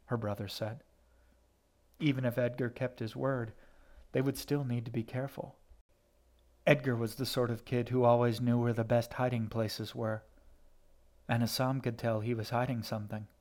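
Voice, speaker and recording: A man's voice: medium pitch, little pitch movement, moderate pace, pauses often, darkish tone. Man narrating an audiobook.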